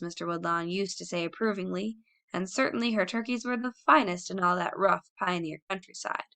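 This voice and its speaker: Woman audiobook narrator, bright tone, steady storytelling pace. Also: fairly low pitch, creaky. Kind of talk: scripted narration.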